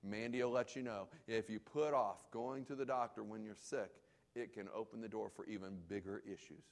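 A man's voice: fairly low pitch, steady tone, moderate pace, creaky. A man preaching a sermon as pastor, emphatic and repeating key phrases for weight.

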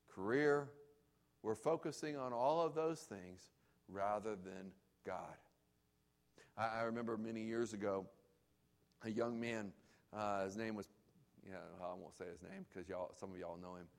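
A man preaching a sermon as pastor, emphatic and repeating key phrases for weight. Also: fairly low pitch.

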